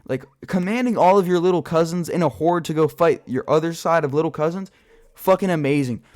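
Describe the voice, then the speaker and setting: A man's voice: a little high, a little fast, a little mellow. A young man telling a rambling, profane childhood story in a casual vlog while gaming, full of filler words. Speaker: storyteller vlogger.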